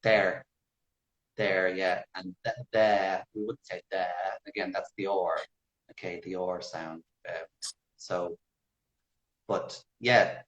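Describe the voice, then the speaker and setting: A man with an Irish accent, a guest in a casual interview, explaining and demonstrating accents in a measured way. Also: low voice, a bit bright, lo-fi sound. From Ireland. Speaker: guest language expert.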